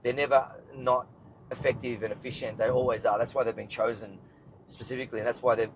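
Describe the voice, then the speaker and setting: Australian male podcast host, rapid and emphatic, middle-pitched, faint road noise behind; casual chat in a car. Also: little pitch movement, rough recording. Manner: fast, emphatic, rambling. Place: inside a car while driving.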